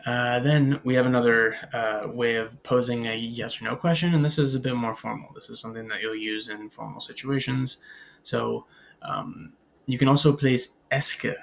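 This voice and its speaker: A man with a gravelly edge to his mid-pitched voice teaches a recorded beginner French lesson. He explains in relaxed English, full of "uh"s and "um"s, and stops to say French words and phrases aloud for students to repeat. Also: normal speed. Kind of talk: recorded language lecture.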